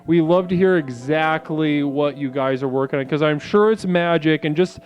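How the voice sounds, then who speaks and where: A man's voice: on the high side, moderate pace, a little mellow, highs cut off, faint music behind. A man hosting a comedic call-in show, eager and fawning, stammering as he praises his caller. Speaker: host.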